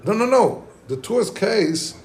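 Male Talmud teacher, high voice, excited lecture full of restarts. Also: unhurried. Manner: excited, many restarts, questions to listeners.

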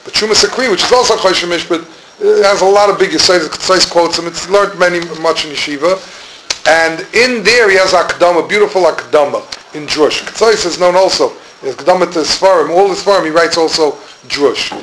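A middle-aged man, teaching a Torah class in a loose, wandering way. His voice sits a little high for a man, and he often stalls while he hunts for a word. The recording carries steady background noise. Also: a little fast. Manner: rambling, searching for words, mixes Hebrew and Yiddish terms. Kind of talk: informal Talmudic lecture. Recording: noisy room recording.

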